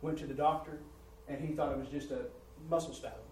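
Preacher, echoey, from across the room. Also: male voice, steady tone, fairly quick, a little mellow, a little hiss or hum. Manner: preaching with swelling rises in volume and pitch, repeats words. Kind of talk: sermon. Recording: roomy church sound from a distant mic.

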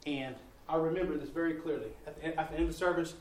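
A man's voice: on the high side, fairly even intonation, fast, a little hiss or hum. A man, a missionary preacher telling testimonies in a folksy sermon style, acting out the dialogue. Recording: echoey room, distant mic, faint ambience.

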